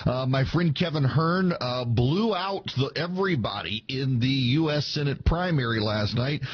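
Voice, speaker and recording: A man's voice: mid-range voice, normal speed, breathy edge, lo-fi sound. A man giving casual political commentary, chatty with sarcastic asides and frequent fillers. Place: Tulsa, Oklahoma.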